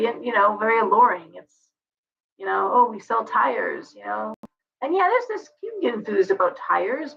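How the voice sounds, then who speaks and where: A woman with a raised, gravelly voice chats her way through a live tarot reading, wandering into asides as she goes. She is losing her voice and sounds hoarse. The live-stream audio comes through dull and lo-fi. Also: fairly high pitch, a bit bright. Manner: chatty and meandering, with many asides. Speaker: tarot reader hosting a live video.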